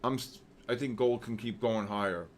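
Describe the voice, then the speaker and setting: A man hosting a live trading session, excitedly shouting out viewers' names with heavy market jargon, then dropping to weary muttering over questions. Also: moderate pace, a little hiss or hum. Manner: drops to low, weary muttering while reading questions. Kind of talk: live trading-stream commentary.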